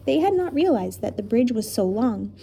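Gravelly, dark-voiced woman reading a story. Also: on the high side, normal speed, a little hiss or hum. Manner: expressive, dramatic reading. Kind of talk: storybook read-aloud.

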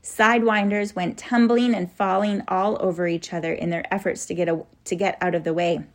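A woman in her fifties reads a children's storybook aloud. Her voice sits a little low, and her delivery is steady and expressive. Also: fairly quick.

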